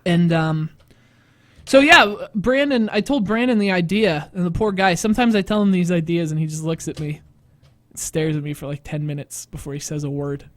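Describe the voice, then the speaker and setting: In a studio, a high-voiced man hosts a casual live stream. He rambles through his stories, mocking himself often and laughing quickly.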